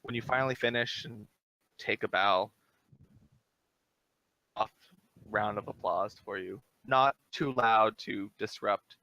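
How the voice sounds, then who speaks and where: A man running a tabletop game as game master, describing scenes in relaxed narration with fillers. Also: lowish voice, slow, long pauses, no echo, highs cut off.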